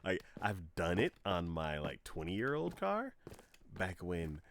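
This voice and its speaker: Lively low-voiced male streamer. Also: slow, slight background noise. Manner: animated storytelling, acting out both sides of conversations; frequent laughs and filler words. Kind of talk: casual chat while live-streaming a game.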